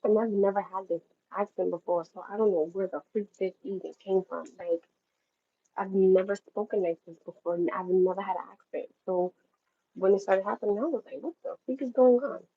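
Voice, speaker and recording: Husky-voiced woman chatting on a livestream. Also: mid-range voice, fairly even intonation, brisk, narrow, tinny audio. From New York. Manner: chatty, rambling, talks straight to viewers. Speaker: livestream host. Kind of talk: casual livestream chat.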